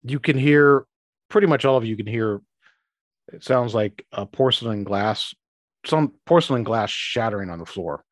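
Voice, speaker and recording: A man narrating as game master for a tabletop game, halting and restarting his phrases as he describes scenes and voices characters. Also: mid-range voice, lively intonation, no echo, clean studio sound.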